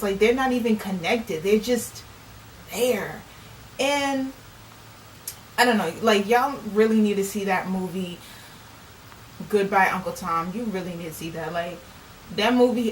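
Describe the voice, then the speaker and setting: An earnest woman, an author and vlogger, offers casual on-camera commentary in a mid-range voice at normal speed. The recording has an echoey room, a distant mic, and faint noise.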